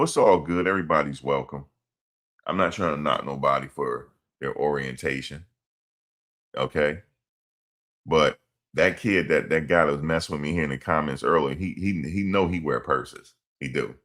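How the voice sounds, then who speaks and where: A man's voice: a bass voice, a bit bright. A man streaming, rambling through a story in casual slang and repeating his phrases. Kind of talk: casual livestream commentary.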